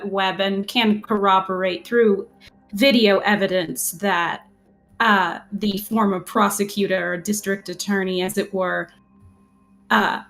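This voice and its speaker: A woman's voice: medium pitch, fairly bright tone. Hesitant woman player in character. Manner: hesitant, stammering restarts. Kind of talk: in-character tabletop role-play as a lawyer.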